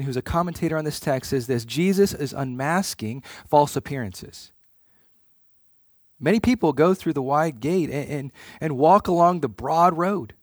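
A man's voice: fairly high pitch, no echo, clean studio sound. A man preaching a sermon in an earnest way, often repeating words as he starts a phrase.

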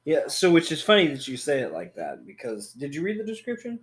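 A man's voice: fairly high pitch, wildly swooping pitch, fairly quick. A man co-hosting a podcast in easygoing, agreeable casual chat. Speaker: podcast co-host.

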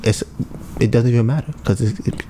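A man's voice: mid-range voice, fairly quick, warm tone, slight background noise. A man hosting a podcast in casual chat, ranting and sarcastic, often repeating himself. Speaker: podcast host.

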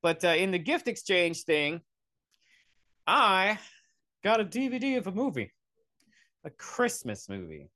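A man's voice: sits high, sing-song, measured pace, pauses often, bright, forceful tone, no room sound. A young man hosting a podcast, ranting in a sarcastic, profane, rambling way into a close mic. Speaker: podcast host. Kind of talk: comedic solo rant.

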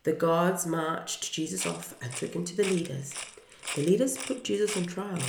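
Low gravelly woman reading a storybook. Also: moderate pace, a little hiss or hum. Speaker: parent reading to listeners. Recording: roomy echo.

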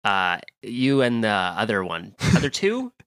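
A man doing an impression of a brash, self-absorbed male movie star, drawn-out and bumbling, in a comedy podcast sketch. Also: on the low side, very animated, fairly bright tone, clean tone, dry recording, clean studio sound, pitched below the performer's own voice, exaggerated voice. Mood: pompous. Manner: boastful, bumbling, drawn-out delivery.

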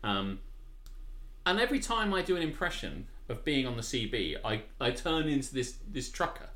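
A man's voice: medium pitch, sing-song, moderate pace, fairly bright tone. Posh-sounding english guy, bouncy up-and-down voice, kinda echoey room. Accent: southern English, refined. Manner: playful, bursts into laughter, reads the chat. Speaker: co-host of a live stream. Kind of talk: casual live-stream chat. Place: home room.

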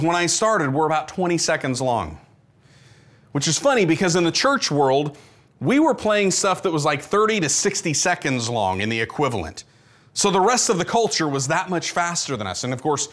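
An animated male pastor delivers a conversational sermon with a high, bright-sounding voice. His pitch leaps up and down expressively as he fires off rhetorical questions. The delivery stays lively and engaged. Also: normal speed.

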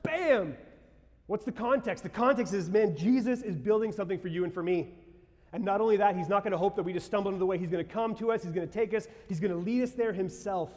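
A man preaching a sermon as pastor, conversational and exclamatory with sudden shouts. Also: sits high, quick pace. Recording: long reverb of a large hall.

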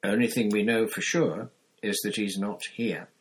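A man reading a book aloud, voicing a gruff, grizzled old male wizard veteran with a growling manner. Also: fairly low pitch, fairly even intonation, normal speed, low-quality recording.

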